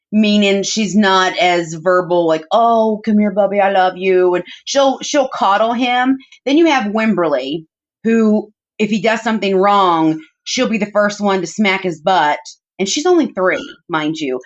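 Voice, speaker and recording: A woman with a fairly low voice shares family stories as a podcast guest, heartfelt and chatty, her sentences full of "like" and "you know". The audio is dull and muffled. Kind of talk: personal storytelling in conversation.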